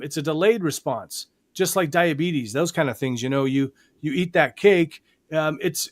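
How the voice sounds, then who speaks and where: A man's voice: fairly high pitch, no echo, studio quality. A man hosting a live hypnosis show, chatting casually and rambling with frequent restarts. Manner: rambling, many restarts and fillers. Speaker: hypnotist host.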